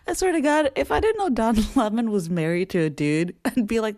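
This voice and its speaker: A man hosting a casual commentary show, talking in an expressive, sarcastic way, swearing freely and laughing often. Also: extremely high pitch, unhurried, long pauses, no room sound. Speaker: podcast host.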